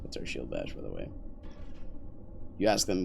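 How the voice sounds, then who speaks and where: Low and rumbling, this young man's voice swoops wildly in pitch at a normal speed, creaky and darkish in tone. He's casually commenting on his gameplay for stream, rambling and cracking jokes with chat and teammates.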